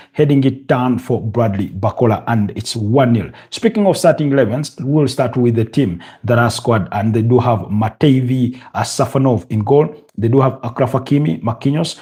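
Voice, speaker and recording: Calling a football game live while talking with his viewers, a young man with a Ugandan English accent speaks in a mid-range voice with a breathy edge. His talk is packed with fillers and restarts, and his energy climbs at goals.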